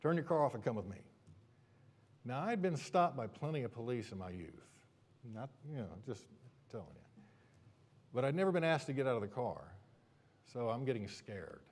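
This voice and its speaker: A preacher telling a humorous personal story during a sermon, with lively, animated delivery. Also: male voice, mid-range voice, normal speed.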